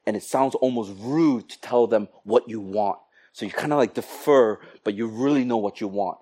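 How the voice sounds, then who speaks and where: A man preaching a sermon to his congregation, animated, acting out quoted exchanges with comic voices. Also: on the low side, moderate pace, breathy edge. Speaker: pastor.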